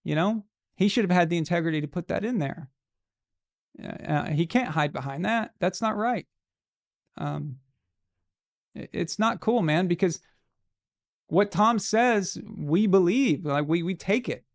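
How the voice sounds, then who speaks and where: A man's voice: sits high, expressive, a little slow, long pauses, no room sound, studio quality. A man hosting a live show, giving blunt, opinionated sports commentary and swearing casually.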